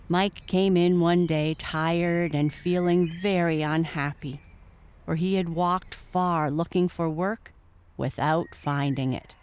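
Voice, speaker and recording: Slow, calm woman reading a story. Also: fairly low pitch, clear, resonant tone. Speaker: narrator. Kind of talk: storybook narration.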